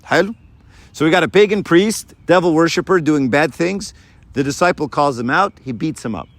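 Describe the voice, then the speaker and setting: A man giving a sermon to a live audience, lively and full of rhetorical questions. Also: a little high, moderate pace, dry recording. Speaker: preacher.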